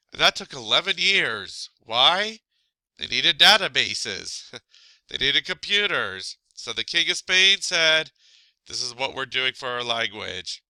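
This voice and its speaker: Bright-voiced man teaching with a stuffy nose. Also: on the high side, clear, resonant tone, dry recording, poor audio. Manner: chatty, asides and little laughs. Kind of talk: casual recorded lesson.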